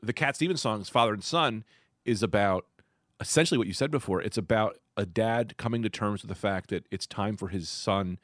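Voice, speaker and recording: A man in his thirties hosting a podcast, telling stories in an animated, laughing way and swearing freely. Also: on the low side, brisk, no room sound, studio quality. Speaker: podcast host. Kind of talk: casual chat.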